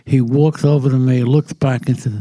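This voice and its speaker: A man's voice: medium pitch, fairly even intonation, normal speed, warm tone, no echo. An older man, a guest photographer, speaking bluntly and reflectively in a podcast interview. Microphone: podcast studio mic.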